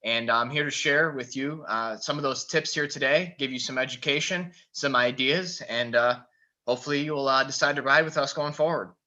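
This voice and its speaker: A man presenting a live online trading webinar in a relaxed way, with many "uh" fillers, on a computer mic over a video call. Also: medium pitch, moderate pace. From Michigan. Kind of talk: casual live webinar talk. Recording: dull lo-fi call audio.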